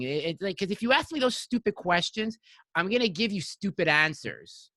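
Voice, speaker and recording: Male podcast host, slightly high-pitched, rambling casual delivery, dry mic. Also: lively intonation, normal speed, sharp tone, dry recording. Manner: rambling storyteller, heavy filler words. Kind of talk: casual chat.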